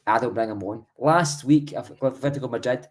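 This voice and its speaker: A man's voice: mid-range voice, fairly quick. A Scottish man co-hosting a football podcast, talking in a blunt, emphatic and sweary way. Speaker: podcast co-host. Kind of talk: heated football chat.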